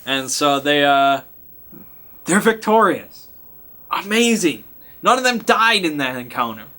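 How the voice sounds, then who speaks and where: A man running a tabletop game talks through what happened last time in a casual, chatty recap. His voice sits a little high and sounds bright and keen. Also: very animated, unhurried. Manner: chatty, acts out sound effects and lines, laughs. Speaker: game master.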